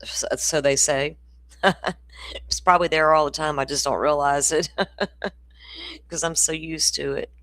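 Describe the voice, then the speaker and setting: Chatty Southern woman, low voice. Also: fairly even intonation, a little slow, long pauses, a bit bright, no echo. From Florida. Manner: chatty, laughing, storytelling asides. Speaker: true crime streamer. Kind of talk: casual livestream chat.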